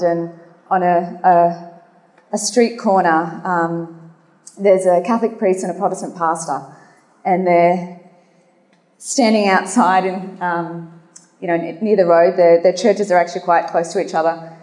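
A woman's voice: medium pitch, darkish tone. Woman, faith talk and prayer, fillers, roomy hall sound. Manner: earnest, nervous, many fillers. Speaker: guest speaker. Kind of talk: religious talk with spoken prayer. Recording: echoey hall.

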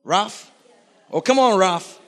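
A man preaching a sermon in a lively, animated way, constantly putting questions to his congregation, in a church. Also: high-pitched, slow. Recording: reverberant hall.

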